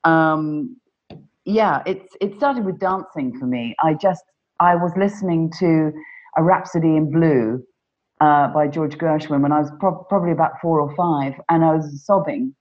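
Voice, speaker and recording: Low-voiced woman, earnest storyteller. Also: normal speed, muffled recording. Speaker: panel guest, performer. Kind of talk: casual conversation. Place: home during lockdown.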